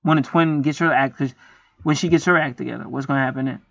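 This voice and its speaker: A man's voice: medium pitch, fairly even intonation, quick pace, creaky, fairly bright tone, dry recording. A man talking in a rambling, profane, preachy casual monologue as host of a spiritual video. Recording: dry, dull lo-fi sound.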